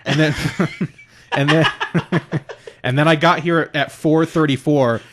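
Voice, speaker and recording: A man's voice: on the high side, fairly even intonation, slow pace, background noise. Ranting, exasperated podcast host man. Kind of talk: casual profane banter.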